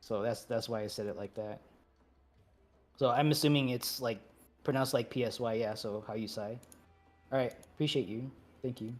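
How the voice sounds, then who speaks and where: A man's voice: mid-range voice, moderate pace. Easygoing man leading a game raid. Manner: easygoing, chatty, apologetic asides. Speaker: raid leader. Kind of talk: giving instructions over voice chat.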